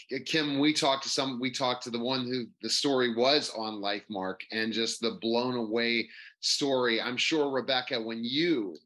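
A man's voice: fairly low pitch, bright, forceful tone, poor audio. A man hosting an interview show, enthusiastic and prone to rambling questions. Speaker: show host. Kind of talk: radio-style interview hosting.

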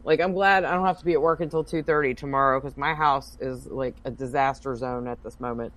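A woman co-hosting a casual chat, telling a story in a loud, animated and profane way. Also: rumbling low, fairly quick. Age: adult working as a bartender. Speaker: podcast co-host.

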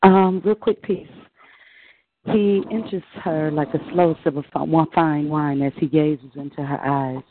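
A woman's voice: sits low, fairly even intonation. Woman reading sultry spoken-word poetry, losing her voice, tinny phone, faint hiss. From Illinois. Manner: slow, sultry delivery. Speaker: poet and caller.

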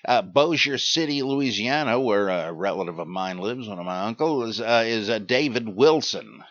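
A man's voice: lowish voice, animated, moderate pace, a bit bright, no room sound. An older man hosting a podcast, reading out listener names and questions in a rambling way with dry asides and many hesitations. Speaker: podcast host. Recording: dull lo-fi recording.

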